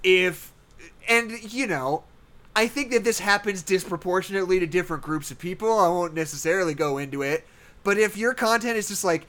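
A man's voice: high-pitched, fairly quick, fairly bright tone. A man co-hosting a casual chat, rambling and grumbling through his complaints with many fillers.

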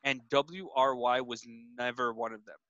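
A man's voice: medium pitch, moderate pace, sharp tone, no echo, muffled recording. A man hosting a podcast, easygoing and loose, with many fillers. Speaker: podcast host. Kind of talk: casual chat.

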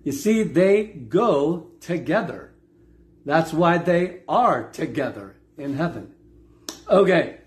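A middle-aged man preaching with a slightly high voice. He stresses and repeats his key points, pausing to quiz his listeners. His delivery is earnest and direct. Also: expressive. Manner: emphatic, repeats key phrases, asks the congregation questions. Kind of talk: sermon.

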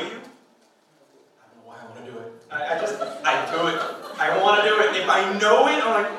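Male pastor, thirties, bright high voice, joking and conversational sermon, big echoing hall, a little off the mic. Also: far from the mic. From Hispanic background. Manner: playful, conversational, rhetorical questions to the crowd. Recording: echoey hall, speaker off-mic.

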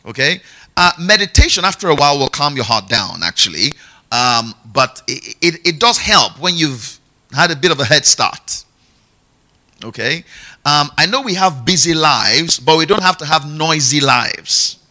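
A middle-aged man gives a sermon like a conversational lesson, repeating key phrases and often checking in with "yeah?" and "okay?". His voice is slightly high, pushed and bright, with lively intonation at a normal speed.

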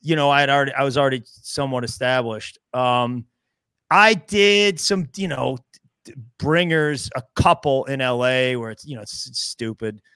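A man's voice: mid-range voice, normal speed, clean tone, no room sound, studio quality. A man in his fifties from the American Midwest, a comedian telling stories in casual chat and acting out the dialogue. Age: 50s. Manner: animated storyteller acting out dialogue in other voices. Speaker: guest comedian.

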